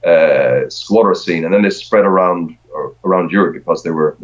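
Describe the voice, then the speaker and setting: A middle-aged man speaks in a very low register, chatting loosely and circling back over his own words as he goes. The recording sounds dull and lo-fi. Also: moderate pace. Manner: rambling, with frequent repeated words and restarts. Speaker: podcast guest. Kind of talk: casual conversation.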